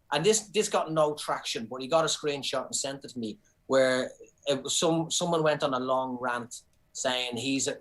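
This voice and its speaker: A middle-aged Irish comedian telling stories in casual chat, animated and sweary, restarting his sentences often. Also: mid-range voice, rough recording. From Ireland. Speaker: comedian guest.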